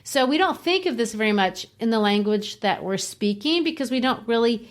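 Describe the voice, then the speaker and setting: Speaking briskly in a slightly high, expressive voice, a middle-aged woman co-hosting a literature podcast teaches how verse rhythm works, tapping out each beat. The discussion is casual.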